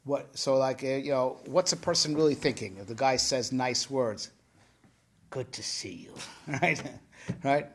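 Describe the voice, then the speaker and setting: A man's voice: medium pitch, normal speed, slight background noise. A man teaching Torah in a casual discussion, often repeating himself and checking in with "right?".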